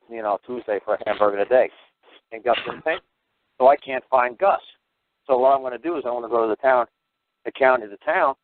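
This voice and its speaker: A man hosting a call-in radio show, telling stories in a blunt, profane, animated way. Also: mid-range voice, no room sound. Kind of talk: call-in radio talk, storytelling. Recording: tinny phone-line radio audio.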